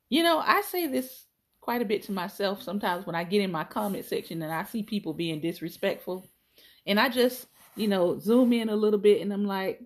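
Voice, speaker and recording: A woman's voice: medium pitch, animated, a little slow. Playful woman host reading aloud. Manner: playful, laughs between readings, chatty asides to viewers. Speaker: podcast host. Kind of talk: reading aloud from a phrase book on a live stream.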